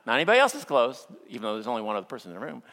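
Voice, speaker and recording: A man's voice: mid-range voice, huge pitch swings, fairly bright tone. Man, pastor, sermon, middle-aged, humorous storyteller, long church reverb. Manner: storytelling with playful humor, acting out quotes; slows down for earnest points.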